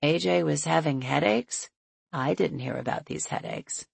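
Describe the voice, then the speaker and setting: A woman's voice: low voice, a little slow, gravelly, breathy edge, no echo, exaggerated voice. A woman voicing Kenji, a man who grumbles to himself that nobody tells him anything, in a sulky, muttering way. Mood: grumbling.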